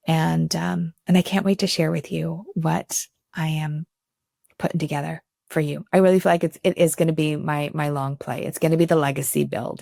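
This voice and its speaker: A woman's voice: fairly low pitch, creaky, no echo, clean studio sound. A woman in her fifties hosting her own show, speaking to camera without a script in an effusive, enthusiastic and grateful way, with conversational restarts. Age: 50s. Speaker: show host. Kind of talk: unscripted talk to camera.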